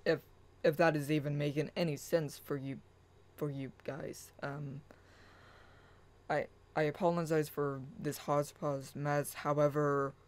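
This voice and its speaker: A spiritual vlogger speaks at an unhurried, drawn-out pace, pausing often and filling the gaps with hesitant fillers. The passages read aloud turn soft and chant-like, in a mid-range voice. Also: medium pitch, rough recording. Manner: slow, halting, with many pauses and fillers. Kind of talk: personal rant and reading own blog post aloud.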